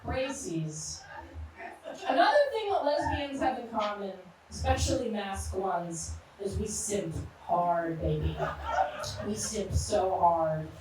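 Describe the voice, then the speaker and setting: A woman's voice: medium pitch, animated, slow, very echoey, distant mic, background noise. A woman in her thirties performing a brash, punchy stand-up set in a live comedy club. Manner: brash, punchy storytelling with crude jokes.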